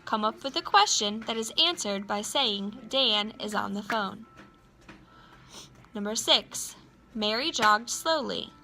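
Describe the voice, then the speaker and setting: A woman teacher giving a recorded class lesson, dictating sentences slowly and clearly and repeating each one. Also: fairly high pitch, lively intonation, sharp tone, soft background music.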